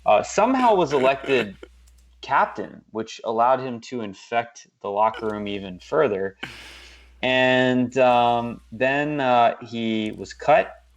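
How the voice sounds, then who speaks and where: A man's voice: medium pitch, slow, dull audio. A man co-hosting a casual sports podcast, rambling with lots of fillers and restarts. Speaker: podcast co-host.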